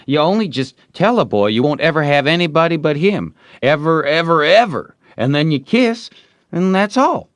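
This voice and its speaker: A man's voice: fairly high pitch, sing-song, normal speed, no echo, studio quality, voice pushed up. A man voicing an eager, smitten young boy in an audiobook, talking in a coaxing, boastful way. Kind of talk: audiobook reading.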